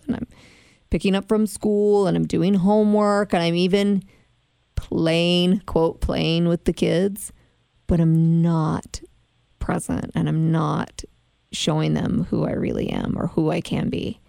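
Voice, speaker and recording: A woman's voice: on the low side, little pitch movement, measured pace, vocal fry, mellow, dry recording. A woman hosting a conversational interview, affirming her guest and sharing her own reflections. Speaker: host.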